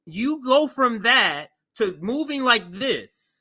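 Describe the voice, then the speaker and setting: A man hosting a commentary show, reacting to a press briefing clip in an animated, incredulous, mocking way. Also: extremely high pitch, takes it slowly, hardly any pauses. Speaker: commentary host.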